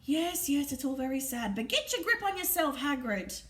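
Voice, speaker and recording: A woman voicing a stern older female professor who scolds in a clipped, hushed way. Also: high-pitched, lively intonation, normal speed. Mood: urgent, hushed. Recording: roomy echo, distant mic, faint ambience.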